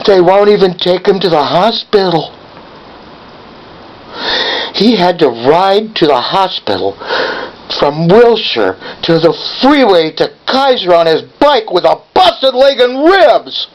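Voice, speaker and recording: A man's voice: sits high, big pitch swings, slow, muffled recording. A man in his seventies calling an office and berating the person on the line, confrontational and badgering. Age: 70s. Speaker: caller. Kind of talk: angry phone call.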